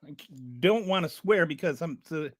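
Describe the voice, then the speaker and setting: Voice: medium pitch, moderate pace, dry recording. A channel host giving an exasperated, sarcastic rant of political commentary.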